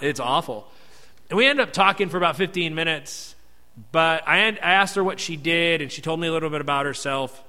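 A man's voice: fairly high pitch, bright, forceful tone, big-room sound. A male pastor telling a personal story as a sermon in an earnest, conversational way. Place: church sanctuary.

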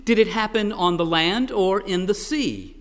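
A man's voice: sits high, a little slow, in a large hall, voice pushed up. A man voicing an eager, nervously polite anthropologist who stammers now and then.

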